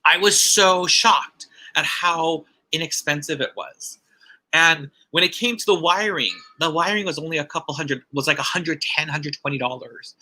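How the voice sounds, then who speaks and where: Guy telling a church testimony, really bright ringing voice, kinda high, acts out the quotes. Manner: storytelling, acts out quoted dialogue, repeats phrases. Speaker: church member giving testimony. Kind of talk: personal testimony at a ceremony.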